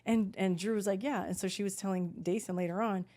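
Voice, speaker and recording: Young woman, podcast co-host, casual and animated storyteller who mimics other people's voices. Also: medium pitch, fast. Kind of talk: casual chat.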